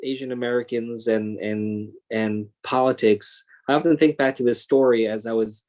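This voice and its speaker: A man in his thirties talks through his thoughts in a reflective panel conversation. His voice sits at an ordinary middle pitch, and he sounds earnest, often pausing on "you know" and restarting his sentences. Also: steady tone, a little mellow. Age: 30s. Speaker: congressman and guest speaker.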